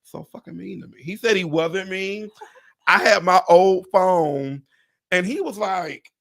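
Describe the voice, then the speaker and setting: A man hosting a livestream chat, telling a story with excitement, acting out what people said, swearing and laughing often. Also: sits high, normal speed, creaky. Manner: animated, acts out quotes, swears, laughs often. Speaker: real estate agent and livestream host.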